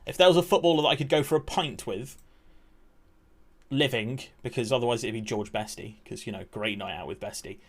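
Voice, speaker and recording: A man's voice: medium pitch, brisk. A young man chatting casually to his live-stream chat while slightly out of breath, greeting viewers by name and swearing now and then. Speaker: game streamer.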